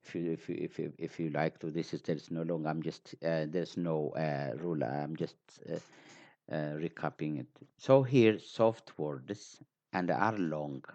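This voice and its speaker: Slow, very deep-voiced man teaching. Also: a little mellow. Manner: patient, repeats example words, frequent fillers. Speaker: language teacher. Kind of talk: slow spoken lesson. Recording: dull lo-fi recording.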